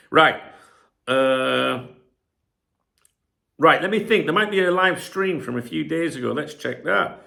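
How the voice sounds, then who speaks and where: A man's voice: a little high, slow pace, vocal fry, pauses often, sharp tone. A middle-aged man hosting his own channel, chatting casually at home, rambling, losing his train of thought and swearing freely. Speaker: channel host. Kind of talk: casual rambling chat to camera. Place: home room where he streams.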